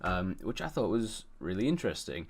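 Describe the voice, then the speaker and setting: A man's voice: low-pitched, very animated, brisk. A man co-hosting a casual film podcast, chatty and joking, mocking film dialogue. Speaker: podcast co-host. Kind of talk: casual chat.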